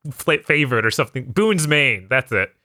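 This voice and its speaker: A man chatting as a podcast co-host, halting and full of fillers and restarts. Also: medium pitch, very animated, sharp tone, dry recording, studio quality. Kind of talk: casual chat.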